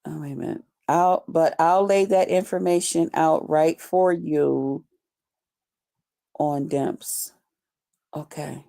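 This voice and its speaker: A woman hosts a loose, unscripted live stream, chatting with her viewers and reading their comments aloud. She talks in an unhurried, drawn-out way and swears freely. Her laugh breaks in often between remarks. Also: low voice, fairly even intonation, creaky, mellow. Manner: slow-talking, loose, profane, chatty. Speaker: livestream host reading her chat. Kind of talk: casual unscripted live chat.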